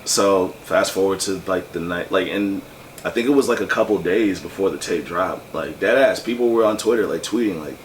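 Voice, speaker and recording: A man's voice: sits low, a little hiss or hum. A man casually telling a long, profane story about his music, full of fillers and asides. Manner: loose, profane, fast-moving anecdote with many fillers. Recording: distant mic with faint room ambience.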